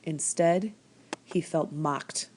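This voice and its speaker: Calm woman reading a storybook. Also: deep voice, drawn-out words, a little hiss or hum. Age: adult. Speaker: reader. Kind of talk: storybook read-aloud.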